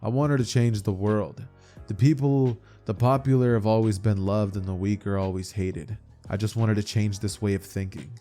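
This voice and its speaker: A man voicing a defeated, brooding young male martial artist villain who talks gruff and blunt. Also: lowish voice, fairly even intonation, moderate pace, mellow, faint music behind, lightly acted. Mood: resigned.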